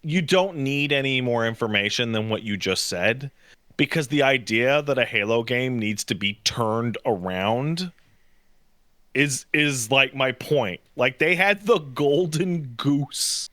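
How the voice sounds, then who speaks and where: Thirties male co-host, animated and slightly high, dry close sound, profane exasperated ranting. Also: slow pace, no echo. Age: 30s. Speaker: podcast co-host. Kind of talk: casual chat.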